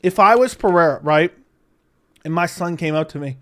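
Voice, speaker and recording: A man's voice: fairly high pitch, moderate pace, pauses often, a bit bright. A man hosting a live stream, reading chat and ranting in a heated, profane way. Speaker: livestream host.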